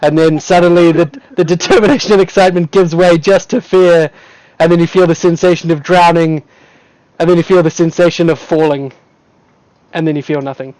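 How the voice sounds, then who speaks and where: A man's voice: a little high, fairly even intonation, brisk, darkish tone, dry recording, rough recording. A man running a tabletop game as game master, narrating vividly and casually, often breaking into laughs.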